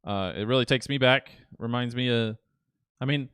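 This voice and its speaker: A man co-hosting a casual podcast, joking and easygoing in quick banter. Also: mid-range voice, a bit bright, smooth, no echo, studio quality. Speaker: podcast co-host.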